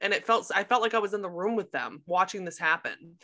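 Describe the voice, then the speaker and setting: A woman co-hosting a casual podcast chat with her sister, retelling scenes in an animated way and swearing freely. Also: medium pitch, brisk. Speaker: podcast co-host; sister of co-host.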